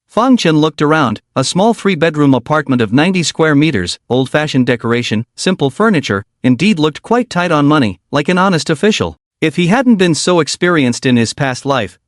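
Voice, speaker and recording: A man narrating a story recap in a brisk storytelling manner. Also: a little high, dry recording, clean studio sound.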